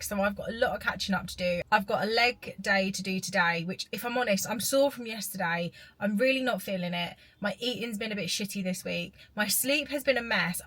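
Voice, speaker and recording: A woman's voice: medium pitch, pushed and bright, no room sound, low-quality recording. A woman, talking candidly and emotionally to camera in a casual vlog. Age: 30s. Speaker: vlogger. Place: in a parked car and at the gym.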